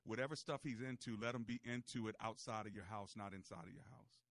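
A man's voice: on the low side, fast. A man hosting a call-in advice show on the radio, giving blunt, folksy, joking advice into a studio microphone.

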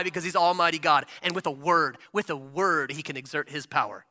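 Guy preaching a sermon, high bright voice, goes quiet then builds up loud, chatty asides. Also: a little fast, few pauses. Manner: impassioned preaching, swings from hushed to loud; casual asides with fillers like "like". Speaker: pastor.

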